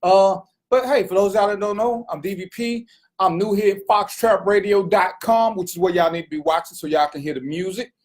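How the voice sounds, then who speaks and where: Slangy talk show host greeting viewers. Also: male voice, sits high, fairly quick. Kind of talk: casual live show greetings. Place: internet radio studio.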